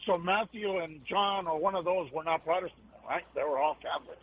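A man's voice: high-pitched, fairly quick, fairly bright tone, a little hiss or hum. Hesitant man caller on a phone line. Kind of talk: phone call.

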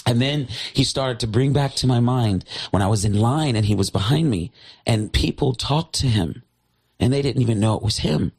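Husky male guest, animated storyteller, jumps into character voices. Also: mid-range voice, moderate pace. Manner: excitable, acts out voices in his story. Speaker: guest telling a personal story.

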